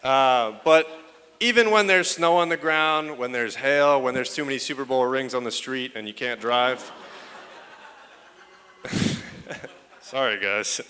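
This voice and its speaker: A man's voice: medium pitch, measured pace, pauses often, bright, forceful tone, slight background noise. A young man doing a stand-up comedy set on stage with crude, self-mocking banter and plenty of swearing. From United States. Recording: echoey hall.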